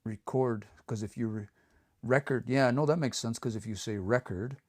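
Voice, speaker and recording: A man teaching pronunciation on a livestream, repeating words slowly and coaching learners to say them out loud. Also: medium pitch, dry recording, studio quality. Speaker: language teacher.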